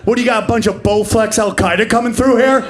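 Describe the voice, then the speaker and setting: Brash high-voiced man doing stand-up. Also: fairly even intonation, fast, slight background noise. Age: 40s. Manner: brash, profane, jumps into shouted character voices. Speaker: stand-up comedian. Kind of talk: live stand-up comedy. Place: comedy stage before a laughing audience.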